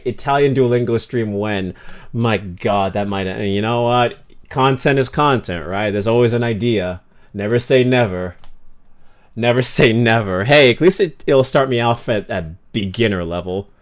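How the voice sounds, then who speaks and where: A man streaming a game, chatting casually with viewers in a joking, self-mocking way, stumbling over foreign words and putting on mock-dramatic outbursts. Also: medium pitch. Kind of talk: casual livestream chat reacting to viewers.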